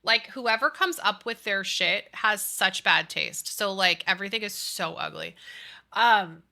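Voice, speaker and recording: A woman's voice: medium pitch, a little slow, creaky, bright, forceful tone. A woman streaming, chatting casually with her chat and ranting with lots of swearing. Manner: chatty, profane, ranting, reads chat aloud. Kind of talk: casual live-stream chat while building.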